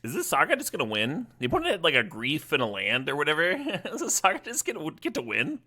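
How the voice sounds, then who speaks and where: A man's voice: fairly high pitch, huge pitch swings, quick pace, bright, forceful tone. A male streamer giving casual, playful live commentary on a card game, laughing often and chatting with his viewers.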